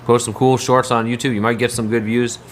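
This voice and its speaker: A man's voice: mid-range voice, level tone, a little fast, slight background noise. A man livestreaming, chatting casually in a rambling way and answering his viewers' messages.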